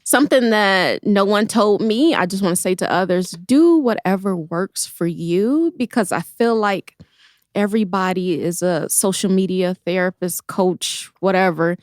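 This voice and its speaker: A woman's voice: medium pitch, measured pace, no room sound, studio quality. A woman professor co-hosting a podcast in casual chat, laughing often and sharing encouraging thoughts.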